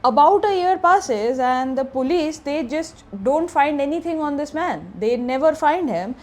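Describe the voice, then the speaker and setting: High-voiced woman telling true crime. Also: expressive, unhurried. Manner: chatty present-tense retelling with fillers. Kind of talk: casual true crime storytelling.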